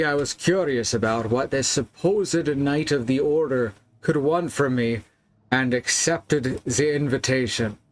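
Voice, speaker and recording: A man's voice: medium pitch, close to an everyday voice. A man reading aloud as a dying nobleman, with a playful put-on accent. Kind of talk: reading a game letter aloud.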